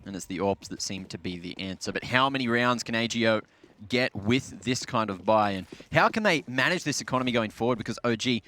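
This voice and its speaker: A man casting an esports match play-by-play, excitable and jokey, jumping up in pitch on big plays. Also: fairly quick. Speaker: esports caster. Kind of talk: play-by-play commentary.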